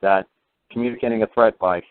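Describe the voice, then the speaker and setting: A low-voiced man hosts a talk show and tells a long story in a loose, casual way, full of restarts and fillers. The sound is thin and narrow, like a phone line on the radio. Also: fairly even intonation, a little fast, a little hiss or hum. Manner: rambling, many fillers and restarts.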